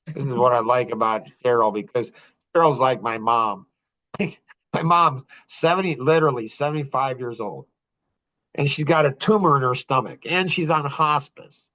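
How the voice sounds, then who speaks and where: A man's voice: medium pitch, normal speed, sharp tone. A man in his fifties hosting a podcast, telling rambling stories in casual chat and chuckling often. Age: 50s. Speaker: podcast host.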